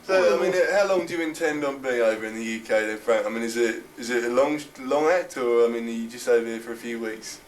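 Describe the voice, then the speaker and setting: A teenage boy hosting a spoof chat show in a mock-formal patter, often cracking up mid-line. His voice sits mid-pitch and comes from a distance on an old home video with faint hiss. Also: fast talker, few pauses. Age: teens.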